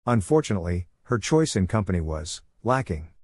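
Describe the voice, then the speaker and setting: A man's voice: fairly low pitch, very animated, a little fast, a little mellow, dry recording, studio quality. A man reading fan fiction aloud, narrating and voicing the dialogue with little character acting. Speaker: fanfiction reader.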